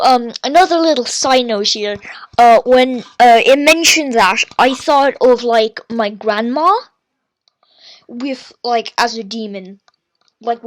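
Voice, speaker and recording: A woman hosting a casual podcast, reviewing a book and reading pages aloud, chatty with many fillers and quick self-corrections. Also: on the high side, dry recording. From Ireland. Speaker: podcast host.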